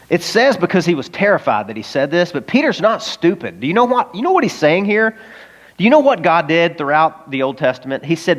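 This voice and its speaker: A man's voice: high-pitched, very animated, moderate pace, muffled recording. A man preaching a sermon as pastor, talking casually with frequent rhetorical questions to the congregation. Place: church service in a high school auditorium.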